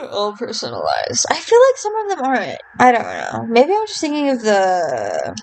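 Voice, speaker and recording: A woman's voice: fairly high pitch, huge pitch swings, unhurried, vocal fry, darkish tone, soft background music, poor audio. A young woman streamer casually commenting on a game, rambling, swearing freely and trailing off into fillers.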